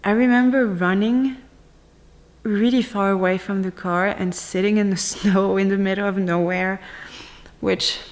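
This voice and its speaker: A young woman vlogging about her own experiences in an emotional, halting way, with frequent restarts and fillers. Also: medium pitch, steady tone, big-room sound. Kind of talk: personal vlog storytelling.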